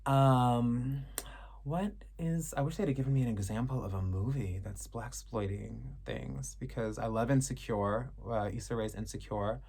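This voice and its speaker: This woman, in her thirties, talks casually to camera while answering fans' questions, frank and sassy with plenty of swearing. She has a warm bass voice with a breathy edge, speaking at a normal speed with hardly any pauses.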